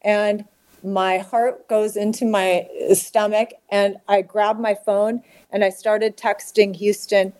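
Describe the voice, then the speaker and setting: Woman telling a painful story, halting. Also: medium pitch, level tone, darkish tone. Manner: halting, with many restarts and fillers, acting out quoted voices. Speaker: podcast guest. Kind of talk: emotional personal storytelling.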